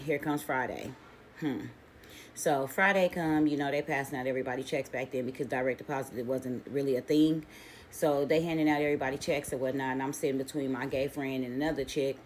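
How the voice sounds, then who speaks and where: Deep-voiced lady vlogger telling a story, lively and cussing, slangy, a little background hiss. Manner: animated, profane, slangy, acts out quoted voices. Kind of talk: casual storytelling.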